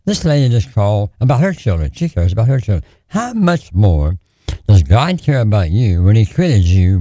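A male radio preacher with a low, dark, mellow voice that rises and falls a great deal as he prays and preaches. He pleads and repeats phrases in a steady preaching cadence, recorded close and dry in the studio. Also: dry recording. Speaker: radio preacher taking prayer calls.

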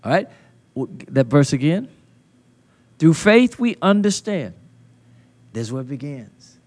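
A man preaching a sermon at a conference into a handheld mic, building to loud emphatic call-and-response peaks with folksy, colloquial phrasing. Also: fairly high pitch, very animated, slow pace. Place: conference hall.

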